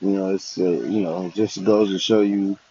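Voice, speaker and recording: A man hosting religious commentary, talking haltingly and leaning on fillers. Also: sits low, steady tone, dark tone, breathy edge. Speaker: host. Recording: dull lo-fi audio.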